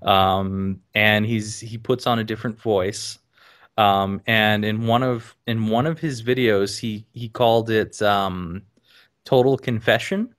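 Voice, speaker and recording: A man on a casual podcast, telling stories animatedly with lots of ums and sudden high-pitched laughter. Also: steady tone, slow pace, fairly bright tone. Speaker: podcast guest.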